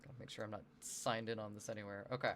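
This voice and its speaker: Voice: mid-range voice, level tone, very fast, a bit bright, a little hiss or hum. Rambling streamer from the US Northwest. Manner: rambling and chatty, reads chat aloud, swears casually. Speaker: livestreamer answering chat. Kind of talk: casual livestream chat.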